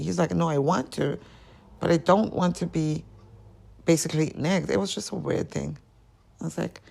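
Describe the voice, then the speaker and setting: A woman with a strongly gravelly, creaky voice speaks openly and with feeling as she hosts her own podcast. Her delivery is a personal confessional monologue, and she acts out bits of old arguments as she goes. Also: on the low side, moderate pace, dark tone. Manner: emotional, candid, quoting past arguments. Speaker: podcast host.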